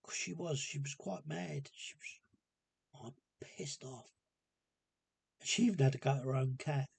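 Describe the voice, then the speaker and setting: A man talking casually to camera in a hesitant, rambling and subdued way, with a gravelly, husky voice. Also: a little high, brisk, a little mellow, dry recording. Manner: hesitant and rambling, many ums. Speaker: vlogger. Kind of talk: casual personal monologue.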